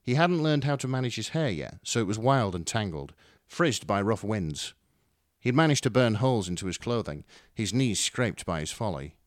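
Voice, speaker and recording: A man narrating a fan story with a dramatic, wry delivery. His voice sits on the low side yet moves very expressively. The recording is close and dry. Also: big pitch swings, moderate pace, dry recording. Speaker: story reader. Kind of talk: expressive fan fiction reading.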